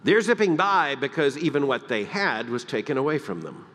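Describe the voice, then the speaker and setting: A man from the Deep South, preaching a sermon, emphatic and swinging between loud peaks and hushed, quiet lines. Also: lively intonation, normal speed, long reverb tail. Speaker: pastor. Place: church sanctuary.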